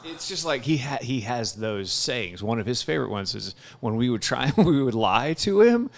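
A man's voice: medium pitch, very animated, moderate pace, gravelly. A man co-hosting a casual chat, telling stories in an easygoing way, often trailing off and restarting. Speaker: podcast co-host.

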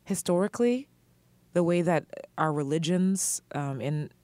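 Casual podcast co-host, a woman with a deep voice, fired up and cursing, dry close mic. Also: animated, a little slow, darkish tone, no room sound. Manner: heated, swears freely, laughs often.

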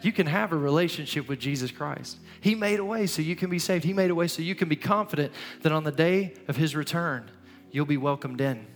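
A man's voice: fairly high pitch, brisk. A man preaching as a pastor in a church, earnest and urging, often repeating his phrases. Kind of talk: sermon. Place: church sanctuary. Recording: long hall reverb, soft music.

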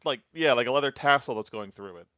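A man's voice: mid-range voice, quick pace, pushed and bright, no room sound. A man in casual chat, enthusing about a show with lots of fillers.

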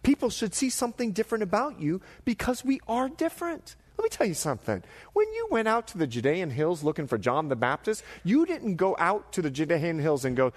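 A middle-aged man preaching a sermon, animated and jokey, slipping into voices as he tells stories. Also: high-pitched, a little fast, hardly any pauses, in a large hall. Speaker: pastor.

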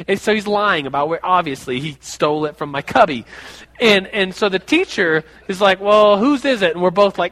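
A man preaching a sermon, telling a personal story in a lively, animated way and acting out the voices of the people in it. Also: sits high, a little fast. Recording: long hall reverb.

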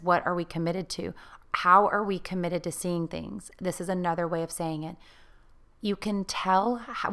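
Woman, divorce-healing coach, self-help talk, earnest, questioning, smooth clear voice. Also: on the low side, fairly bright tone. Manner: earnest, coaxing, asks many questions.

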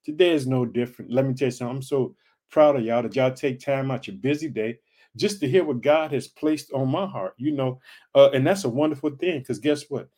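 Brisk and dark-toned, this medium-pitched male voice belongs to an Illinois podcaster delivering an uplifting sermon. His preaching is fervent and repetitive, and he calls his audience family.

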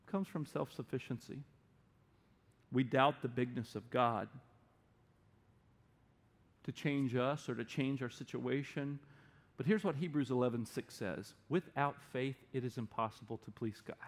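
A middle-aged man preaching a sermon as pastor, animated and playful, slipping into quick put-on voices. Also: mid-range voice.

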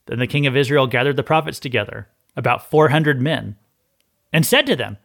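A man hosting a Bible teaching podcast, reading passages and retelling the stories in a lively, conversational way, often restarting his words. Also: medium pitch, a little fast, gravelly. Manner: animated storytelling, acts out scenes, repeats words when he starts a phrase.

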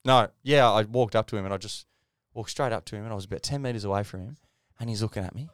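A man's voice: lowish voice, quick pace, dry recording, studio quality. A middle-aged Australian man co-hosting a podcast in casual chat, laughing and swearing as he tells stories and acts out the people in them. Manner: laughing storyteller, swearing, acting out people he quotes. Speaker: podcast co-host.

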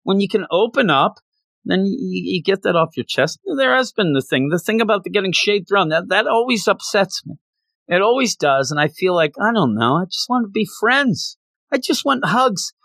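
A man's voice: sits high, lively intonation, moderate pace, fairly bright tone, dry recording. A man hosting a podcast, rambling in a casual, self-deprecating and jokey way on a close mic. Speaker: podcast host. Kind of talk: casual chat.

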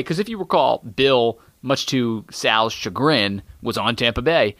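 A man co-hosting a comedy podcast, talking in an animated, exasperated way and swearing freely. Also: medium pitch, unhurried, no echo. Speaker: podcast co-host.

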